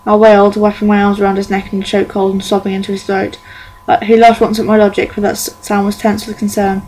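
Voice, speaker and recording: A woman's voice: medium pitch, fast talker, few pauses, a little hiss or hum, rough recording. A woman reading a novel aloud in an amateur audiobook, stumbling and correcting herself often. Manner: monotone reading with frequent stumbles and self-corrections. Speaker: fan audiobook reader.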